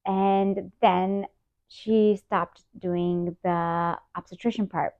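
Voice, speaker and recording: A woman's voice: mid-range voice, extremely slow. Woman telling a candid story, tinny sound. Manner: emotional, animated retelling with quoted dialogue. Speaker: interview guest.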